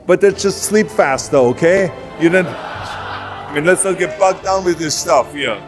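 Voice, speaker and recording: A man's voice: high-pitched, moderate pace. A man with an Austrian accent giving a blunt, punchy motivational speech. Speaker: motivational speaker. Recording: long hall reverb with music beneath. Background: background music.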